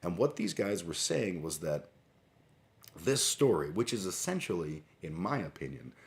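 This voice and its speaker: A man with a low, sing-song voice hosts a livestream at normal speed, reading scripture aloud. He adds sarcastic, irreverent, rambling commentary.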